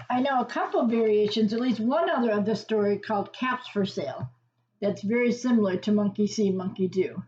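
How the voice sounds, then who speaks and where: A woman reading a picture book aloud to children, pausing to ask them questions and explain words. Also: medium pitch, highs cut off, a little hiss or hum. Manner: gentle teacherly asides and questions to the listener. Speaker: children's story reader.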